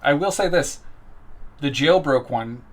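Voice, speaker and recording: A man's voice: on the high side, expressive, measured pace. A man narrating and explaining rules as game master in a casual tabletop session. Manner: casual, joking asides.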